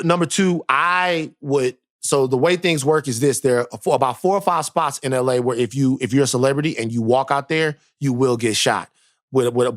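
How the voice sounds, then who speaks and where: A man co-hosting a podcast, telling stories in a casual, animated way and repeating phrases for emphasis. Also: medium pitch. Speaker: podcast co-host. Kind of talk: casual chat, animated storytelling.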